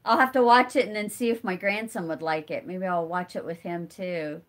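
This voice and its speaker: A woman's voice: on the low side, fairly even intonation, normal speed. A middle-aged woman with a stuffy nose hosts a casual live stream, chatting and answering viewer comments as they come in. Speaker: homesteading channel host.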